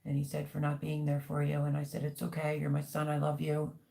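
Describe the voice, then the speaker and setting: Middle-aged lady chatting on her livestream, gravelly voice, lots of ums. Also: deep voice, monotone, a little fast, mellow. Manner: chatty, rambling, many ums. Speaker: livestream host. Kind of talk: casual livestream chat reading comments.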